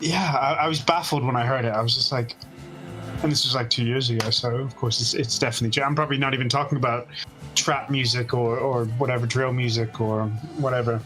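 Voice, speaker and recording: A man's voice: mid-range voice, a bit bright, poor audio. A man chatting casually on a stream, teasing his friend and laughing a lot. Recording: music playing clearly under the voice.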